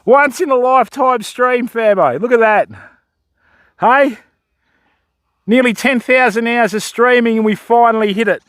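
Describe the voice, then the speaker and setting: Aussie bloke livestreaming by a river, high voice, dry close sound, all hyped up talking to chat. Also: male voice, a little slow, pauses often, smooth, no room sound. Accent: Australian. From Australia. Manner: excitable, calls viewers fam and mate. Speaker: fishing livestreamer. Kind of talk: live commentary to stream chat. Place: outdoors by a river.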